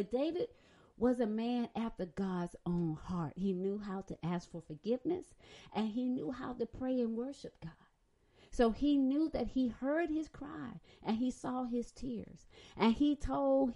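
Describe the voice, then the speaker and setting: A woman preaching a sermon, dramatic, moving between loud emphasis and soft reflection. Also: fairly high pitch, unhurried.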